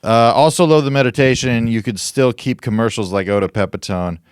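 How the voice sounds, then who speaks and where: A man co-hosting a podcast, reading listener suggestions haltingly and chuckling at the jokes. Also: mid-range voice, clear, resonant tone, dry recording, studio quality. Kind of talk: casual chat, reading emails aloud. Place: podcast studio.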